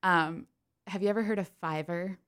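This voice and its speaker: A woman's voice: fairly low pitch, normal speed, a bit bright, clear, resonant tone. A woman from Pennsylvania, a stage actress talking as a podcast guest, chatty and full of "like" fillers, laughing often. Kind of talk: casual interview chat.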